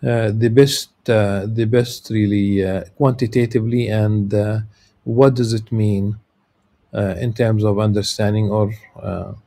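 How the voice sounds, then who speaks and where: A man giving a lecture, reading a religious text and explaining it in a halting way, with many filler sounds and restarts. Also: on the low side, level tone, mellow.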